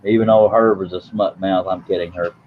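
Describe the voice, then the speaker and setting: A man's voice: low voice, fairly even intonation, a little fast. A man hosting a late-night live stream in a casual, rambling way, teasing his guest with jokes. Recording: tinny phone-like line with faint hiss.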